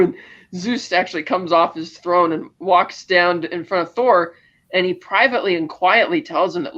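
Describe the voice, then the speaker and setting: A man co-hosting a casual movie review, retelling the plot with animated quoted lines. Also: sits high, moderate pace, muffled recording. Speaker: podcast co-host.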